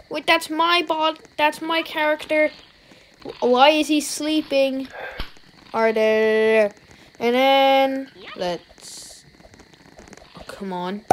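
A woman with an Irish accent giving let's-play commentary as a YouTuber, talking to herself and reacting with jumpy, excited outbursts. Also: high-pitched, a little hiss or hum, poor audio. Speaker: YouTuber playing a game.

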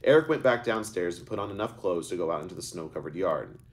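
A man with a low, deep voice reads his own story aloud in a live reading. He trips over words now and then and goes back to fix them, keeping an unhurried storytelling tone. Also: expressive. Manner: unscripted stumbles and self-corrections. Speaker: author and narrator.

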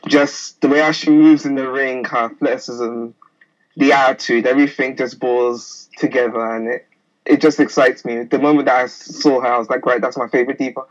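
A man's voice: mid-range voice, steady tone, brisk. A young man from England with a South London accent, calling in and chatting casually with lots of giggling. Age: young adult. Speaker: caller. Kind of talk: casual chat. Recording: muffled call audio.

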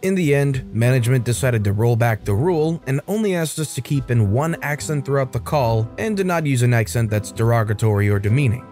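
A man's voice: medium pitch, expressive, fairly quick, few pauses, darkish tone. A man narrating Reddit stories as a scripted read, adding his own comments between them. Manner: reads stories aloud with brief commentary. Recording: faint music behind.

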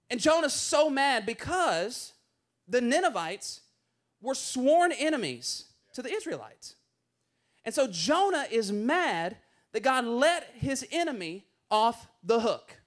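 Male pastor, very high voice, lively and playful sermon delivery. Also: unhurried. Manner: animated, playful, acts out voices in stories.

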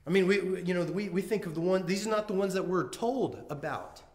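A pastor preaching a sermon in an earnest, conversational way, often restarting and acting out heartfelt quotes. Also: male voice, high voice, a little fast. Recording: echoey room.

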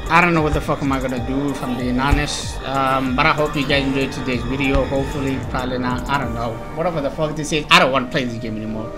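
A man commentating his own gameplay, yelling at a hard boss fight and swearing, with quiet mumbled asides between outbursts. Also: mid-range voice, fairly even intonation, fast, hardly any pauses, music in the background. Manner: shouts and yells at the game, swears, slangy. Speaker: gaming YouTuber.

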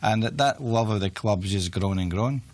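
Older Glaswegian man, lowish voice. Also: a little hiss or hum. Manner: reflective, halting with restarts. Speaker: retired football manager, guest. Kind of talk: interview conversation.

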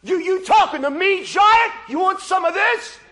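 A man voicing a brash, cocky young male swordsman in shouted high-pitched taunts. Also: lively intonation, normal speed, full character voice.

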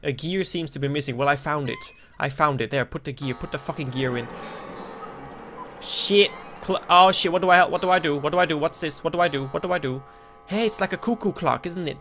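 A man commentating his play of a horror game, joking and cursing, and breaking into loud frightened yelps when scared. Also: on the high side, fairly quick, soft background music. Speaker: gameplay commentator.

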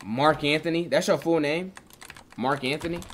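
A young man streaming a game, chatting casually with viewers in loose slang, joking and swinging between loud excited bursts and low mutters. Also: moderate pace, slight background noise. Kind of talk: casual live-stream chat while gaming.

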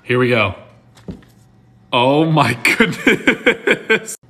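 Teasing young man, lively voice. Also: medium pitch, very slow. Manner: teasing, giggly, pushy. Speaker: son and skit creator. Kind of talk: comedic family sketch.

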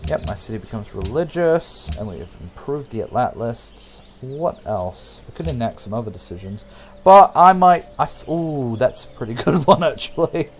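Excitable young man narrating his game. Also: medium pitch, moderate pace, hardly any pauses, a little hiss or hum. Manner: talks to himself and viewers, hums, excitable outbursts. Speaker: gameplay commentator. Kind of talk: casual let's-play commentary.

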